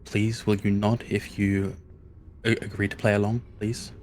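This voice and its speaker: Man, tabletop player, low pitch, polite, measured. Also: little pitch movement, darkish tone, a little hiss or hum. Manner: polite, measured in-character speech. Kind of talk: playing a tabletop game.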